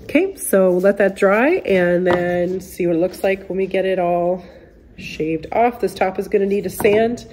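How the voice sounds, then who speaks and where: This woman has a cold, which makes her mid-range voice nasal; she talks at a moderate pace with a slightly mellow tone and a little hiss or hum. A chatty furniture restorer, she demonstrates a repair step by step in her workshop for viewers.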